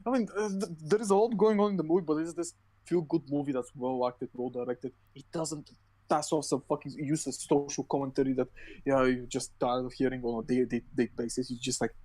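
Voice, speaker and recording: A man's voice: medium pitch, fairly even intonation, fairly quick, warm tone, low-quality recording. A man co-hosting a podcast in casual chat, rambling and swearing often, with many fillers and restarts. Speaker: podcast co-host.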